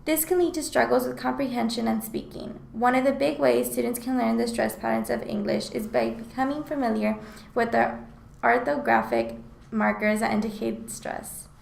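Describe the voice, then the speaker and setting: A woman's voice: on the high side, normal speed, gravelly, reverberant, rough recording. A woman reading aloud a scripted class presentation in an explanatory tone. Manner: reads aloud in an explanatory, even tone. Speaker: student presenter.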